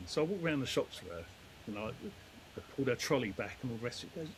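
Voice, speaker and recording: A man's voice: mid-range voice, very animated, fast talker, a little hiss or hum, rough recording. A middle-aged man, a demolition company head, telling stories in a rambling, down-to-earth way. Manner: rambling, down-to-earth, lots of fillers. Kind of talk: casual storytelling chat.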